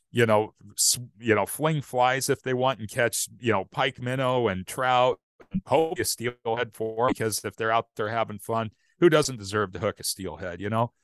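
A man's voice: mid-range voice, dry recording, clean studio sound. A man talking casually as a podcast guest, rambling with many fillers and restarts. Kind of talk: casual conversation.

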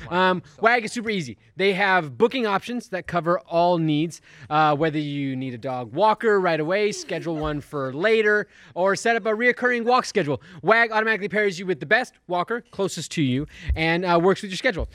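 A man's voice: high voice, lively intonation, a little fast, hardly any pauses, a bit bright, no echo. A man hosting a podcast, teasing his co-hosts and reading an ad in an upbeat way. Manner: upbeat, teasing, runs the segments. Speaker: podcast host. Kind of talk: casual chat and ad read.

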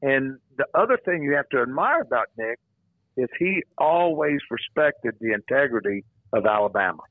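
An older man, once a football coach, calls in as a radio guest to tell stories, rambling and repeating his words. His medium-pitched voice is animated and moderately paced, coming through a tinny, dry phone line with no room sound.

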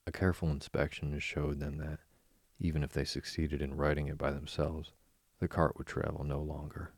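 A man host narrating a bedtime story in a slow, soothing, even reading. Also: a bass voice, no echo. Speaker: podcast host and reader.

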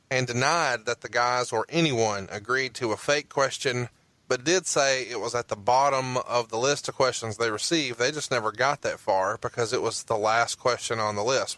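Pushy, bright-voiced male podcast host. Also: medium pitch, no room sound. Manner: pushy, joking questioner. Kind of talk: casual chat.

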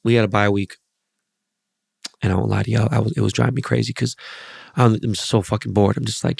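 Gravelly, profane man riffing casually. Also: fairly low pitch, flat delivery, brisk, pauses often, no echo, studio quality. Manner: profane, rambling storytelling. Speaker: podcast host. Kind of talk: casual monologue.

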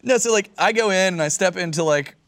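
A man co-hosting a casual chat, telling animated stories with lots of fillers and swearing. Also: high voice, a little fast, no room sound. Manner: animated storyteller, swears freely, many fillers.

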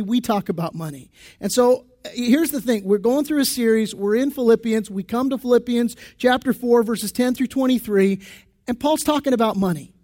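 A man's voice: very high voice, darkish tone. A male pastor giving a sermon in a church, talking in a conversational style, full of asides and restarts.

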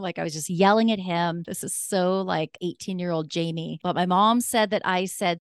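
A woman's voice: on the low side, a little fast, few pauses, clear, resonant tone, dry recording, studio quality. A young woman casually telling a personal story, chatty and full of "like" fillers. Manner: chatty, many "like" fillers, acts out quoted dialogue.

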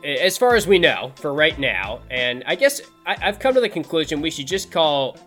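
A man's voice: fairly high pitch, very animated, normal speed, fairly bright tone, soft background music. A man hosting a casual sports podcast, talking in an upbeat, conversational way and thinking aloud with restarts. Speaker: podcast host.

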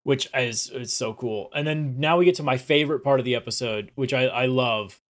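A man co-hosting a podcast, recapping a TV episode in a relaxed, casual way with some stammering restarts. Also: medium pitch, a little fast. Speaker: podcast co-host.

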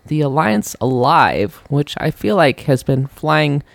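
Woman host, dry close mic, animated and teasing in casual chat. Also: low voice, slow pace, creaky, no room sound. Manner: wry, teasing. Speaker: podcast host.

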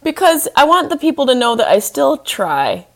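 Animated, teasing female podcast co-host. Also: high voice, normal speed. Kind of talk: casual chat.

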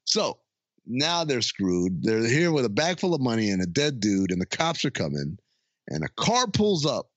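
A man in casual chat, retelling a movie scene by scene, acting out the lines in quick funny voices and laughing often. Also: medium pitch, big pitch swings, no room sound. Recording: dry, dull lo-fi sound.

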